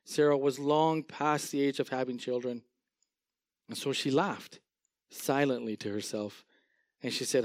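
A male pastor preaching a sermon in an animated, storytelling way, often chuckling as he paints vivid word pictures. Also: medium pitch, unhurried, long pauses, dry recording, clean studio sound.

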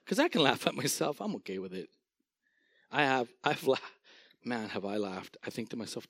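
A male pastor preaching a sermon in an animated, storytelling way, often chuckling as he paints vivid word pictures. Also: mid-range voice, moderate pace, no room sound.

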